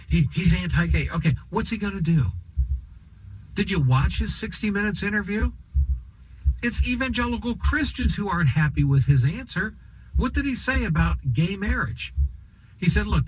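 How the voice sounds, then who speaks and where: A man's voice: a little high, darkish tone, breathy edge, rough recording. A man giving an opinion monologue as a political commentator, sarcastic and emphatic, firing off rhetorical questions.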